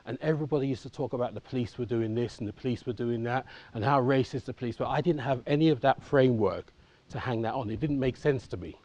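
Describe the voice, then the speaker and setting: An Englishman in his fifties tells his own life story at a conference, speaking candidly and conversationally and checking in with the audience often. His voice is mid-range and a little mellow, and he talks fast.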